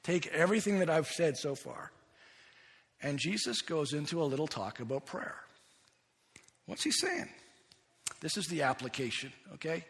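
A man's voice: fairly high pitch, very animated, normal speed, pauses often, a bit bright. A man preaching a sermon as pastor, earnest and emphatic, often restarting and repeating his words. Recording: long reverb of a large hall.

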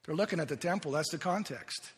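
A man with a high voice delivers a sermon, earnest and emphatic, stumbling over and repeating words as he builds his point. His voice rings with the long reverb of a big hall. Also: expressive, fast talker. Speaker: pastor.

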